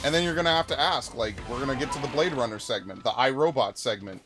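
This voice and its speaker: A man's voice: mid-range voice, fast. A man giving profane, ranting let's-play commentary while reacting to chat comments. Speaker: gaming YouTuber. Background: game music.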